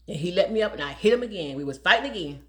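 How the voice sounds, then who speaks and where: A woman's voice: lowish voice, lively intonation, very fast. A woman in her sixties, a domestic violence advocate speaking casually to the camera, emphatic and preachy and laughing often between her points.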